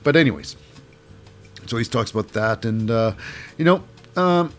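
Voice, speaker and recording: A man's voice: medium pitch, lively intonation, moderate pace, faint music behind. A man giving a casual, jokey recap of a wrestling show. He rambles and fills his talk with "uh" and "you know".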